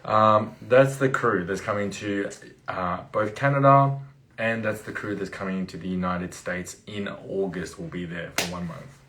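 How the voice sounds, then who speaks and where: A man's voice: low-pitched, steady tone, unhurried, a bit bright. A man co-hosting a casual livestream chat, teasing and laughing often. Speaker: livestream co-host.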